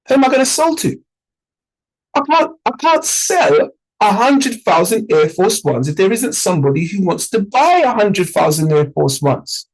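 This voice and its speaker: A man teaching in an informal, animated way, using everyday analogies and repeated sound effects to make his points. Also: high voice, breathy edge, low-quality recording. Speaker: trading educator.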